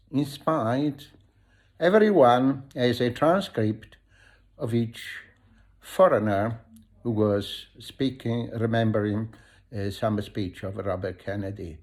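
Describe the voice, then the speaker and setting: Slow, lively-voiced Italian-accented man. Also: mid-range voice. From Italy. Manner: hesitant, searches for words with many ums and restarts. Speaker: video host. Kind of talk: casual storytelling monologue.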